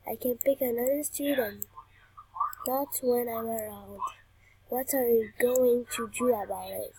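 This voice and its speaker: A young woman's high, slightly husky voice talks slowly through a video game, reading out game text and chatting playfully. The recording is dry and close, with almost no room sound. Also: warm tone, dry recording, low-quality recording. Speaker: gamer. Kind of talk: game commentary.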